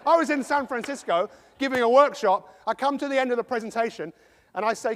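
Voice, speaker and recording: A high-voiced English man works a live audience with a jokey, animated motivational talk. He slips into quick impressions as he goes. His voice rings out with a long reverb from the big hall. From England. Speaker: motivational speaker.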